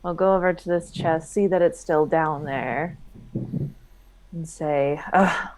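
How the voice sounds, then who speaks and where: A woman playing a tabletop game, unhurried, with dry, short replies. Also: low-pitched, darkish tone. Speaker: player.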